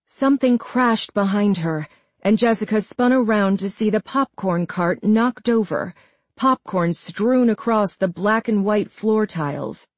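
A woman narrating a horror story in a steady, dramatic storytelling manner. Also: medium pitch, measured pace, dry recording.

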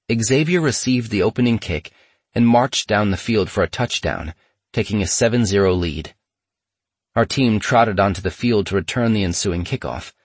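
Male memoir narrator, measured and steady, dry close read. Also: lowish voice, dry recording.

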